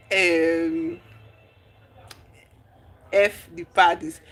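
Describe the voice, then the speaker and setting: A streamer, recapping a movie in casual chat, telling the story with lively exclamations and acting out the characters' lines. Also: medium pitch. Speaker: livestream host.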